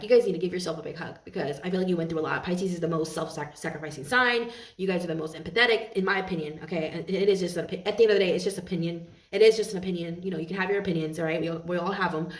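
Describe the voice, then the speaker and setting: A woman giving a tarot reading to her viewers, earnest and heartfelt, often repeating and restarting her phrases. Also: fairly low pitch. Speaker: tarot reader. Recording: roomy echo, mic at a distance.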